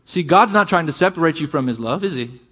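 High-voiced man preaching with passion. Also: animated, sharp tone. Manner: impassioned preaching with conversational asides; reads scripture aloud with drawn-out emphasis. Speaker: pastor. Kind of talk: sermon.

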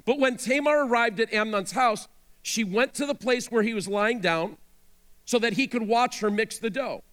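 A man's voice: very high voice, normal speed, fairly bright tone. A male pastor preaching a sermon, retelling a scripture story with dramatic storytelling and direct asides to his listeners.

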